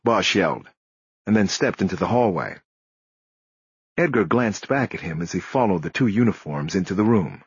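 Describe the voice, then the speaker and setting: Male audiobook narrator, low husky voice, lively pitch, dry slightly dull recording. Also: normal speed, no echo. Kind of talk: scripted narration.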